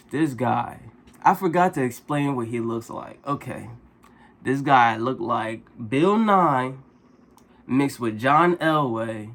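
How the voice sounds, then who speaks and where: A man vlogger telling a casual story in an animated, exasperated, slangy way. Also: medium pitch.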